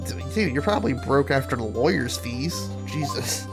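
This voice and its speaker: A man's voice: mid-range voice, expressive, moderate pace, hardly any pauses. A man casually commenting on a game he plays for the first time, joking and reacting aloud, with game music behind. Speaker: game streamer.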